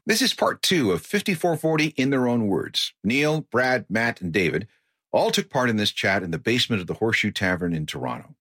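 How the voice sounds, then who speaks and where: Husky-voiced man introducing an episode. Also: medium pitch, very animated, brisk, bright, forceful tone. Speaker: podcast host. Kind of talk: scripted introduction.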